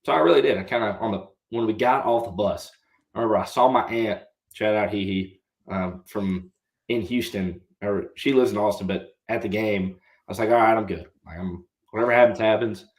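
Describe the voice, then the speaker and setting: A young man in his twenties tells a long story in a casual, unhurried way. His voice sits fairly low and carries a roomy echo from the space he is in. He stays polite and answers with "yes, sir.". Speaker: podcast guest, former college quarterback.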